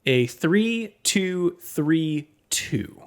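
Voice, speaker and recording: A man co-hosting a motorsport podcast, reading weather and standings in a steady way with frequent ums and uhs. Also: fairly high pitch, very slow, clear, resonant tone. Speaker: podcast co-host.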